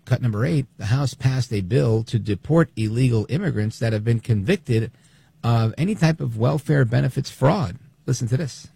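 A talk radio host, male, with a gravelly, husky voice that swings widely in pitch as he riffs sarcastically. His tone is dark, and the sound is dry, close and studio-like. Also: dry recording. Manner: animated, sarcastic, mimics others in quotes. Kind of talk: opinionated talk radio monologue.

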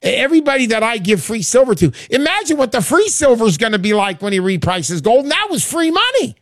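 A man's voice: extremely high pitch, very animated, a little fast, fairly bright tone, no room sound, clean studio sound. A man hosting a call-in radio show, talking in an emphatic, salesy way and repeating words for punch.

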